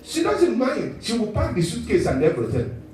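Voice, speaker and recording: A man preaching a sermon as pastor, animated and often chuckling as he talks. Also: high-pitched, brisk, crowd noise. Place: church hall. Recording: echoey church hall, mic at a distance.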